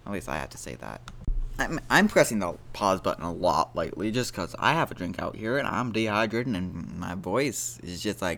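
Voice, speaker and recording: Brief: solo podcast host, man, lower voice, rambling self-deprecating humor. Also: sing-song, normal speed, vocal fry, fairly bright tone, a little hiss or hum. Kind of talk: casual solo podcast monologue.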